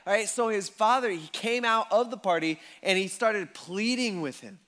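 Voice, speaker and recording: Animated high-voiced man preaching. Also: normal speed. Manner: animated storytelling, acting out crowd voices. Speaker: pastor. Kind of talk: sermon.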